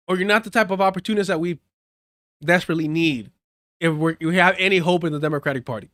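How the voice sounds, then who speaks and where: A man's voice: fairly high pitch, quick pace, a bit bright, no echo, studio quality. A man doing live political commentary, reading news aloud and breaking into heated, profane rants, now and then dropping Spanish phrases. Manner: profane, heated rants between read-out articles.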